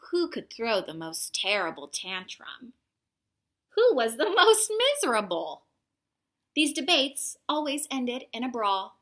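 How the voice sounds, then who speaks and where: A woman reading a picture book aloud to children in a playful way, pausing for little asides to her listeners. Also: on the high side, bright, forceful tone.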